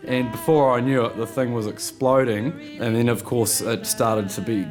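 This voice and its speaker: Casual New Zealand interviewee. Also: male voice, medium pitch, fairly even intonation, moderate pace, music in the background. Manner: casual, rambling.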